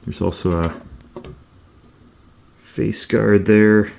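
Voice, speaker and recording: Male toy reviewer, low mellow voice, rambling casual delivery, faint background hiss. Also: level tone, drawn-out words, vocal fry. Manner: meandering, thinks aloud while handling items.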